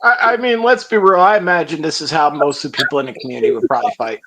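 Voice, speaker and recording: A man's voice: a little high, rapid-fire, crowd noise. A man in a casual stream chat, blunt, crude and swearing constantly.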